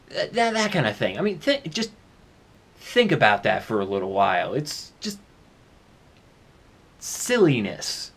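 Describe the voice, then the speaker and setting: A man's voice: mid-range voice, very animated, a little slow, long pauses, fairly bright tone. Rambling, chatty man on a camera mic. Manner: rambling and chatty, with many "uh" and "I mean" asides. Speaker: vlogger. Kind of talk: casual solo vlog. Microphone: handheld camera's built-in mic.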